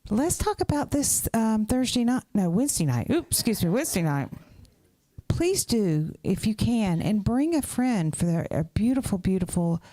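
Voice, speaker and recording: A woman's voice: medium pitch, sing-song, moderate pace, mellow, no echo. A woman giving casual church announcements, chatty and correcting herself as she goes.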